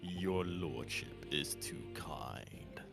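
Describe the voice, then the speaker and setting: A man voicing a haughty British male prosecutor in a game playthrough, speaking slowly and gravely with contempt. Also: low voice, over music, pitched below the performer's own voice, full character voice. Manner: slow, grave, contemptuous delivery.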